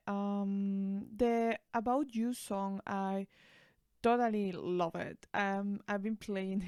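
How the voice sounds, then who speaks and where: Female music vlogger in her twenties, excitable and rambling, close dry sound. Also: mid-range voice, clear, resonant tone, dry recording. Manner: gushing, excitable, rambling with fillers and restarts. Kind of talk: casual album reaction.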